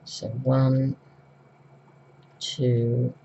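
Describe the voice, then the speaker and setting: An Australian woman in middle age, just over the flu, talks slowly and chattily as she works on a craft project at home. She wanders off track, fills pauses with ums and corrects herself as she goes. The home recording sounds dull and lo-fi. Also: rumbling low, completely flat delivery, dark tone, a little hiss or hum. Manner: rambling and chatty, with many ums and self-corrections. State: recovering from flu. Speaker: craft vlogger. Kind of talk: casual craft tutorial chat.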